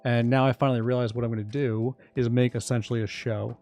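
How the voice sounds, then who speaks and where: A man talking casually on a livestream about his crypto project, rambling, restarting sentences and getting excited. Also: mid-range voice, quick pace, faint music behind. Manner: rambling, self-interrupting, excitable. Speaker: crypto project founder and streamer.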